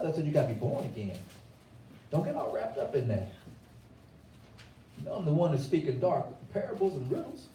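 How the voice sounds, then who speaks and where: A man preaches in a loose, rhythmic way, circling back on his phrases. His voice is mellow and somewhat high. The sound is roomy, caught from a distance. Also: sing-song, fairly quick, pauses often, a little hiss or hum. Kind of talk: sermon.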